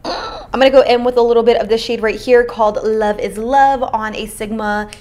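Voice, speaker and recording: Chatty young woman, slightly high voice. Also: fairly even intonation, normal speed, a little mellow. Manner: chatty and informal, with lots of "like" and "you know" fillers and slang. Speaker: beauty vlogger. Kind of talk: casual chat while doing makeup.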